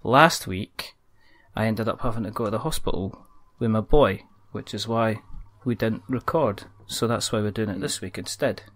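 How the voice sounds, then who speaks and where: A man's voice: lowish voice, normal speed, fairly bright tone. A man hosting a casual board game podcast, chatty and rambling in a self-deprecating way. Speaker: podcast host.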